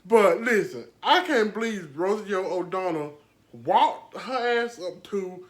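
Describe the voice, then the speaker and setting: A woman's voice: medium pitch, lively intonation, takes it slowly. Sassy gossip-podcast woman. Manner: sassy, slangy, laughs often. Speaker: podcast host. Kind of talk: casual celebrity gossip chat.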